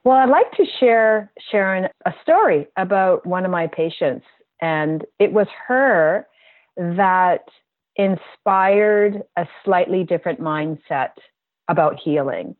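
This woman, a guest who does bodywork, has a lowish voice and recounts something personal slowly and reflectively, with earnest, heartfelt feeling. There's no room sound; the line is dry and tinny, like a phone.

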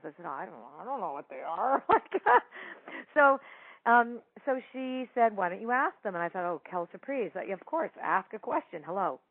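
A woman's voice: fairly low pitch, dry recording, narrow, tinny audio. Woman chatting on a thin phone-ish line, laughs a lot, acts out quotes, dry sound. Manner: chatty, laughing, animated quoting. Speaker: psychic medium guest telling a story. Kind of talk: casual storytelling interview.

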